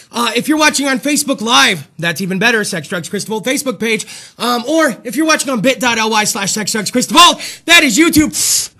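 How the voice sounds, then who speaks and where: A man hosting a comedic live-stream talk show, loud, crude and rambling, a little out of breath. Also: very high-pitched. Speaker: podcast host.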